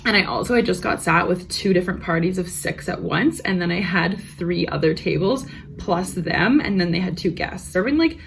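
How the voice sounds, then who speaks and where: A woman's voice: lowish voice, expressive, moderate pace, gravelly, faint music behind. A young woman vlogger telling work stories in a frank, profane, ranting way, casual storytime.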